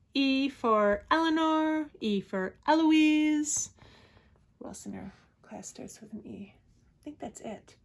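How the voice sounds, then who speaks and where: A woman preschool teacher reading a picture book aloud to children in a gentle voice, with soft asides to them. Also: on the high side. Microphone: home video recording.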